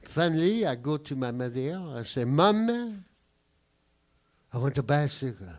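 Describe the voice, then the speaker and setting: A man voicing an aggrieved French man recalling his boyhood, with a put-on French accent and deadpan, indignant delivery in a standup bit. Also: on the high side, measured pace. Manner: indignant, deadpan storytelling with profane punchlines.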